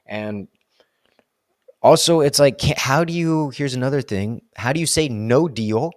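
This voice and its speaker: This vlogger has a medium-pitched voice with lively intonation and a moderate pace, captured with clean studio sound and no room sound. He talks through his thoughts in a reflective solo monologue, rambling, second-guessing himself, and using "like" and "right?" a lot.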